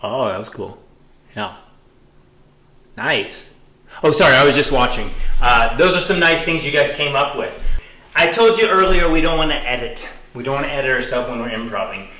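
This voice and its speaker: A man's voice: mid-range voice, normal speed, long pauses, pushed and bright. Upbeat male dance teacher in echoey room. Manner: upbeat, encouraging, counts beats aloud while moving. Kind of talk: online dance lesson, counting out moves. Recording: roomy echo, distant camera mic.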